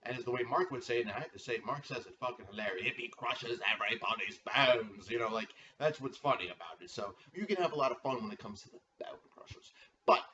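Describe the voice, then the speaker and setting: A man serving as commissioner of a fantasy football league, casually introducing members with drawn-out hype-man name calls and profane asides. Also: medium pitch, animated, bright, forceful tone, far from the mic, highs cut off.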